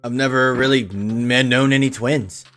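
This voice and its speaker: A man's voice: mid-range voice, steady tone, measured pace, a bit bright, faint music behind. A man streaming a game, chatting earnestly with viewers about being a father, often restarting and repeating himself. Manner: earnest, open, with frequent restarts and repetitions. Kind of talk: casual chat with viewers during a game stream.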